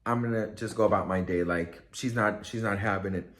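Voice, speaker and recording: A man telling a story casually to camera, chatty and expressive, acting out quotes with lots of fillers. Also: fairly low pitch, a little fast. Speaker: vlogger and storyteller.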